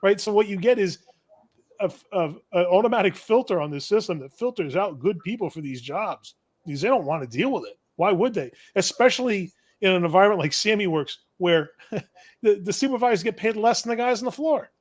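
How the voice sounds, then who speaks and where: A man's voice: sits high, expressive, a little fast. A man co-hosting a live shop-talk stream, musing reflectively with the odd chuckle. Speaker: podcast co-host. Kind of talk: casual shop talk livestream.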